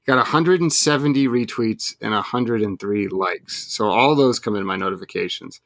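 A man's voice: fairly low pitch, moderate pace, a bit bright, no echo. A man co-hosting a casual podcast, telling rambling stories with dry humor. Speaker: podcast co-host, recruiting reporter. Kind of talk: casual chat.

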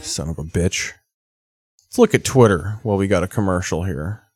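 A man's voice: low voice, normal speed, slightly rough, no echo, clean studio sound, soft background music. A man in his thirties doing casual, profane, rambling commentary while reacting to TV. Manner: rambling, sardonic storytelling. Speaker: streamer reacting to TV.

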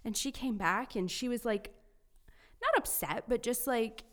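A woman's voice: fairly high pitch, a little slow. A woman co-hosting a youth faith podcast. She chats casually and tells personal stories, dropping "like" and "you know" all through. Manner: chatty, fills speech with "like" and "you know".

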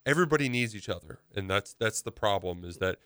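A man's voice: fairly low pitch, expressive, fast talker, fairly bright tone, smooth, no room sound, studio quality. A man co-hosting a radio show, loose and chatty, leaning heavily on "like.". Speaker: co-host of a radio sports and politics show. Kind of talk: casual talk-radio banter.

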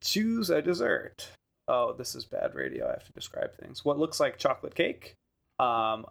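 Podcast guy with a gravelly voice, joking around, lots of ums and laughs. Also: fairly high pitch, a bit bright. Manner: joking, laughs a lot, loose filler-heavy talk. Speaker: podcast co-host. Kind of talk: casual chat.

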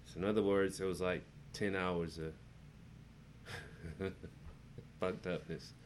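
A man's voice: takes it slowly, background noise. A young man on a podcast telling rowdy stories in a casual chat, acting out the people in them. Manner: animated storyteller, jumps into high voices when quoting people. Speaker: podcast host.

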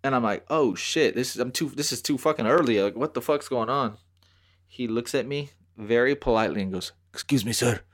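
A man's voice: mid-range voice, a little fast. A man hosting a podcast, telling stories in casual chat, swearing and acting out voices. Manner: animated storyteller, swears, acts out voices. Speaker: podcast host.

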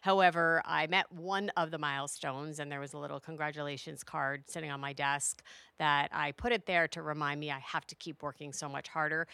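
A middle-aged woman hosts a solo podcast with a low voice and a gravelly edge. Her tone is bright and forward, and she speaks in an earnest, heartfelt way. The close mic sounds dry, with no room around it. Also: normal speed, no room sound. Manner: earnest, heartfelt, building to a rousing finish. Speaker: podcast host.

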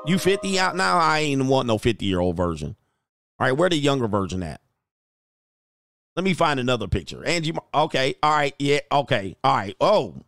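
A man's voice: medium pitch, big pitch swings, normal speed, fairly bright tone, dry recording. A man hosting a casual livestream, reading out chat comments and joking in a loose, slangy way. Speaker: dating coach and channel host.

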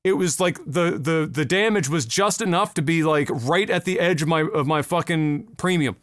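High-voiced, foul-mouthed man ranting. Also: normal speed, few pauses, no echo, clean studio sound. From Nova Scotia, Canada. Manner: profane, ranting, loud when worked up. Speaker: podcast co-host. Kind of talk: casual podcast chat.

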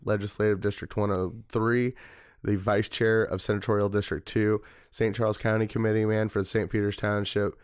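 Here the Missouri committeeman's voice is smooth and on the low side, recorded dry with clean studio quality. As an interview guest he wanders through a lengthy, laid-back tale, leaning heavily on fillers.

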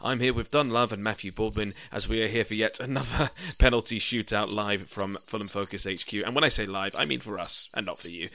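A young man hosting a football podcast, chatty and excitable, laughing often. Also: lowish voice, brisk, few pauses, noisy background. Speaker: podcast host. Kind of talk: casual live match chat.

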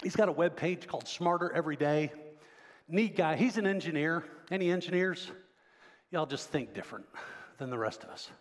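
A man's voice: on the high side, animated, moderate pace. A man preaching a sermon in a conversational way, often asking the congregation questions. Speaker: pastor. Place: church sanctuary. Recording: long hall reverb.

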